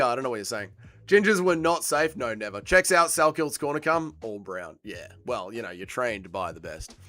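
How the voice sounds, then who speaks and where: An excitable man hosts a live fight watch-along, bantering with his chat and swearing freely. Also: mid-range voice, moderate pace, no echo. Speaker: livestream host.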